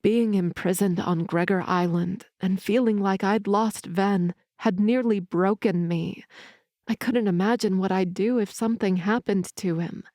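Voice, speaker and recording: A woman narrating an audiobook in the first person with calm, even storytelling. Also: medium pitch, measured pace, no room sound, clean studio sound.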